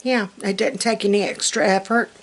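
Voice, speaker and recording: A woman's voice: mid-range voice, steady tone, normal speed. A woman with a Southern US accent hosting a casual cooking vlog from her home kitchen, talking in a chatty, folksy way and laughing often. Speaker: cooking channel host. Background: faint frying sizzle.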